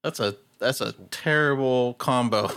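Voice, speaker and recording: A man's voice: medium pitch, unhurried, fairly bright tone, clean tone. A man in casual podcast banter who teases his friends with crude jokes and laughs at his own lines.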